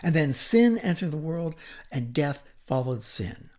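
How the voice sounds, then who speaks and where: A man preaching a sermon, retelling a scripture story with dramatic, deliberate delivery and hushed drops for effect. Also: a little high, big pitch swings.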